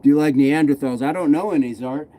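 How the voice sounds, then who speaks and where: Mellow-voiced man chatting with viewers. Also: on the high side, quick pace. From United States. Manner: laid-back, answers chat questions while working out. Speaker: fitness livestream host. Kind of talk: casual livestream chat reading comments between sets.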